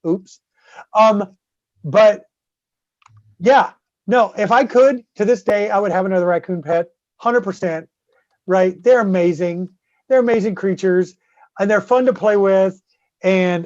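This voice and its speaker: A man with a Southern US accent, swearing freely as he tells an animated story in casual podcast chat. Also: high-pitched, no echo. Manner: profane, animated storyteller with many "right?" tags. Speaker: guest co-host. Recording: slightly dull lo-fi dry sound.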